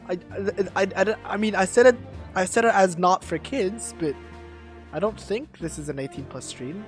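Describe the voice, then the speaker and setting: A woman streaming a game live, excitable and panicky, stammering and repeating herself as she reacts. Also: lowish voice, moderate pace, faint music behind.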